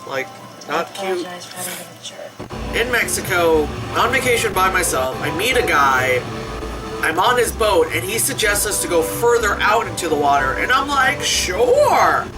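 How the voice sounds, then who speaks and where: A movie reviewer reacts in a loose, joking way, often breaking into laughter and cursing. The pitch jumps around a lot as they mimic the characters on screen. Loud film music plays underneath the whole time. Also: lively intonation, normal speed. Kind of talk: casual movie reaction commentary. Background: film soundtrack music playing.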